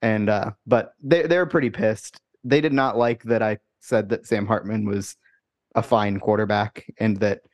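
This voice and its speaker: A man co-hosting a sports podcast, talking in a casual, wry, halting way. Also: fairly low pitch, fairly even intonation. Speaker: podcast co-host. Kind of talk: casual chat.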